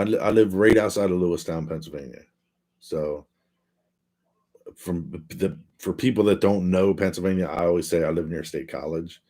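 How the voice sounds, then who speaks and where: Reading viewer comments aloud from his home, a livestream host chats casually and rambles in a relaxed style. He has a deep, warm voice.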